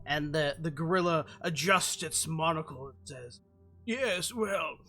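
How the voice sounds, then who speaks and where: A man running a tabletop game as game master, narrating in a halting way with restarts. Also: on the high side, fairly even intonation, sharp tone, faint music behind.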